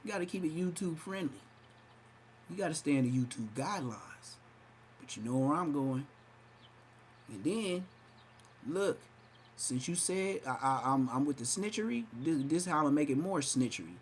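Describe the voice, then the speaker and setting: Expressive and on the high side, this man's voice carries his livestream podcast commentary at a moderate pace with long pauses. As host he trash-talks in a hyped, mocking, brash way, breaking into exaggerated voices, over a little hiss or hum.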